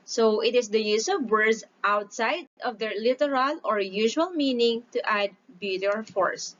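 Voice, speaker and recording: A woman teacher giving a recorded lesson, explaining slowly and deliberately, stretching out syllables when she reads example lines aloud. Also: on the high side. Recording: dull lo-fi recording.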